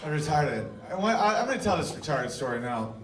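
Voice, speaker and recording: A man's voice: fairly high pitch, big pitch swings, brisk, very noisy. A man doing stand-up comedy on a stage, riffing brashly with the crowd and playing a guitar. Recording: roomy live room with loud guitar.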